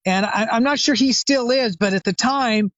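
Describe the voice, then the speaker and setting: A man's voice: extremely high pitch, normal speed, fairly bright tone, no room sound, dull audio. An older man, a retired chiropractor, telling a long anecdote as a guest expert in an interview, with many fillers and restarts. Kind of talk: conversational storytelling interview.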